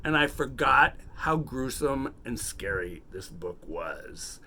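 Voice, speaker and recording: Lively, bright-voiced man reviewing horror books. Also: medium pitch. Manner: chatty, animated, retells scenes in quick quoted snippets. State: has the hiccups. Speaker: book review channel host. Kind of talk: casual unedited book review.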